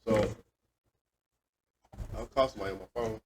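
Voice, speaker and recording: A man's voice: lowish voice, normal speed, far from the mic, noisy background. A man co-hosting a casual podcast chat, telling a story in an easy way and acting out what people said. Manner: relaxed storyteller who acts out quoted lines. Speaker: podcast co-host.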